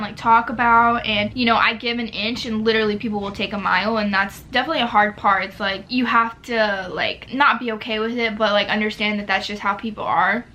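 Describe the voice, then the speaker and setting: A woman's voice: on the high side, pushed and bright, a little hiss or hum. A nineteen-year-old woman chatting casually through a Q&A while eating at home, with lots of filler words. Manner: chatty, filler-heavy, talks with mouth full. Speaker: YouTuber. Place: home near a street.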